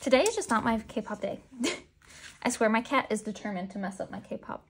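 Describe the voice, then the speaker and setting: Woman vlogger, fairly high voice, chatty, self-deprecating, faint background hiss. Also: animated, moderate pace. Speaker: unboxing vlogger. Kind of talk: casual unboxing chat.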